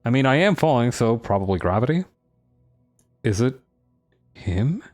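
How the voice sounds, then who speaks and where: A man's voice: mid-range voice, big pitch swings, moderate pace, a little mellow, faint music behind. A man casually commenting on a role-playing game as he plays, with a wry, sarcastic manner, reading the game's text aloud along the way. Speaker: gaming streamer playing a role-playing video game.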